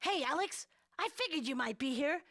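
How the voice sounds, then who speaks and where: A woman's voice: high-pitched, expressive, a little fast, fairly bright tone. A woman reading the lines of an eager young man urging his friend toward an adventure, stumbling and restarting often. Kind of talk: reading game dialogue aloud on stream.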